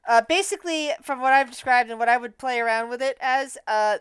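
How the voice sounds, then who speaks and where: A woman's voice: on the high side, brisk, clear, resonant tone, no echo. A woman running a tabletop game as game master, thinking aloud as she narrates and often restarting her sentences.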